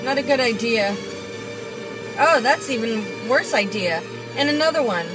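A woman's voice: on the high side, lively intonation, normal speed, music in the background, rough recording. A woman driving and filming, ranting at other drivers with sarcastic, swearing mutters. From Florida. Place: inside a car on the road. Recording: car cabin with road noise.

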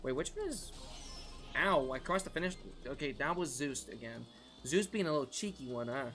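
A man streaming a racing game live, chatting with his viewers in an excitable, talkative way and laughing often. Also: mid-range voice, normal speed. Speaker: gaming streamer. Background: faint background music.

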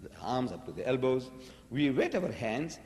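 A man's voice: mid-range voice, sing-song, normal speed, a little mellow, long reverb tail, a little hiss or hum. A man giving a religious lecture, arguing emphatically with rhetorical questions. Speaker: preacher.

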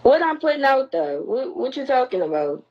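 Streaming live on a phone, a young woman confronts her viewers and bluntly scolds them. She speaks at normal speed in a high voice with big pitch swings, over lo-fi livestream audio with a little hiss or hum.

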